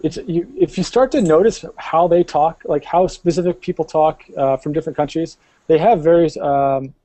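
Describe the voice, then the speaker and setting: A man's voice: a little high, normal speed, warm tone, no echo. A man co-hosting a podcast, chatting casually and hesitantly with many fillers. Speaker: podcast co-host. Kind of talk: casual chat.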